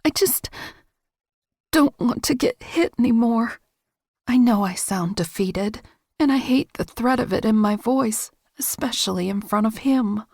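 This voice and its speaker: A woman's voice: a little high, unhurried, a little mellow, breathy edge, no echo, clean studio sound. A woman voicing a frightened pleading young woman. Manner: pleading, anxious, slightly raised. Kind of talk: audiobook character voice.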